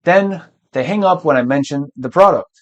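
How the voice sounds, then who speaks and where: A man's voice: on the high side, normal speed, highs cut off, close to an everyday voice. A man voicing a frustrated young male salesman in a classroom skit, complaining wearily. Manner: weary complaining.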